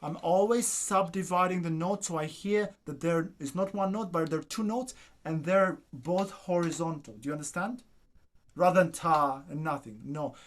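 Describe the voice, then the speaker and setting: A man's voice: on the high side, moderate pace, over music. A man teaching a violin masterclass, coaxing his student and singing phrases to show them. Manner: coaxing, sings phrases, asks "do you understand?". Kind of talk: masterclass coaching.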